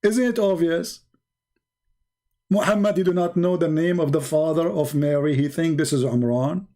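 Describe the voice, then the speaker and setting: A man's voice: on the high side, normal speed, mellow. Insistent man in a heated debate. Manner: insistent, repeats phrases. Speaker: debate show host.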